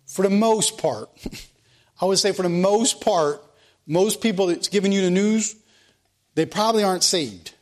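A man's voice: sits high, unhurried, long pauses. A man preaching a sermon, asking the congregation questions and reading scripture aloud. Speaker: pastor.

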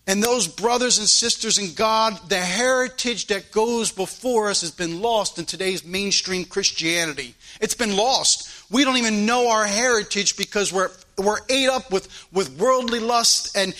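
A man preaching an impassioned sermon, swinging from loud exhortation to hushed pleading. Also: sits high. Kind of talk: fiery sermon.

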